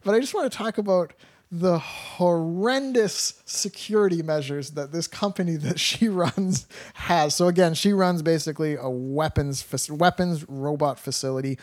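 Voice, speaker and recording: A man's voice: a little high, normal speed. A man hosting a podcast, swearing freely and telling a movie story with acted-out quotes in casual chat.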